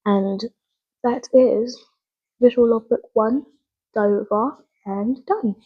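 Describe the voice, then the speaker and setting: A woman's voice: fairly high pitch, slow, slightly rough, narrow, tinny audio. A young woman, a drama student, talking through her goals in an earnest, rambling video log and often correcting herself. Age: young adult. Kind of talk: spoken reflective video log.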